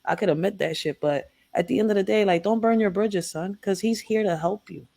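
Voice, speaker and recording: A middle-aged woman chatting on a live stream, her voice lifting high whenever she acts out what others said. Her talk is casual and lively, at an ordinary pitch for a woman. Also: brisk, gravelly. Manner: animated, acts out quotes in raised voice. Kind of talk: casual heated chat, storytelling.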